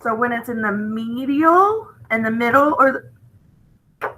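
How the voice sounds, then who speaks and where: A woman gives a phonics lesson online, sounding out each letter and word slowly and clearly. Her voice sits a little high and bright, and she keeps checking in with her young students. The pace stays unhurried throughout. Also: expressive, rough recording. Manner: patient, repeats "okay?" to check understanding. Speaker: teacher.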